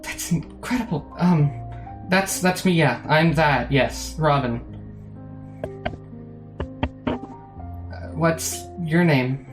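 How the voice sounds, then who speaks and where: A man's voice: a little high, animated, moderate pace, over music, pitched above the performer's own voice. A man voicing an awestruck young woman in a tabletop game, stammering and gushing. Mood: flustered.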